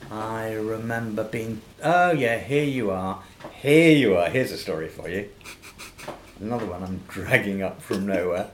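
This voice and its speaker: A man's voice: lowish voice, measured pace. Older man telling stories, echoey room. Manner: lively raconteur, laughs often, acts out quoted voices. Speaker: actor guest. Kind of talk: anecdotal storytelling in a podcast interview. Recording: echoey room with faint noise.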